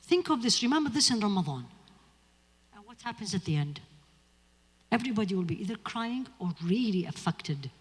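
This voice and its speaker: Husky-voiced woman lecturing in a hall. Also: mid-range voice, sing-song, a little fast, long pauses. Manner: earnest, emphatic, direct address to audience. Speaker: lecturer on Islamic spirituality. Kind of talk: mosque lecture. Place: mosque hall.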